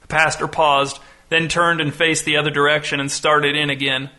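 A man narrating an audiobook story in a dry, deadpan way. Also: fairly high pitch, moderate pace, hardly any pauses.

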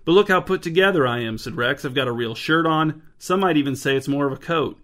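Story voice: a man reading an awkward compulsive neighbor, earnest, over-explaining, slightly raised and louder. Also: on the high side, a little fast, natural voice.

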